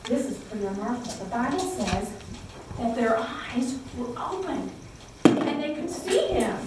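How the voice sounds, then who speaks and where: A woman tells a Bible story to a group of children, her voice high and lively as she exclaims and coaxes them to repeat lines back. She is recorded from a distance in a very echoey room, with faint background noise. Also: unhurried. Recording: echoey room, heard from far off.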